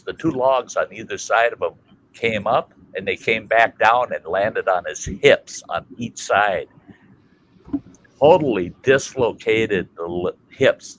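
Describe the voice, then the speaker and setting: Lively low-voiced man spinning a yarn. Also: slight background noise, poor audio. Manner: animated, colorful storyteller who swears casually. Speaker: livestream host. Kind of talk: casual storytelling chat.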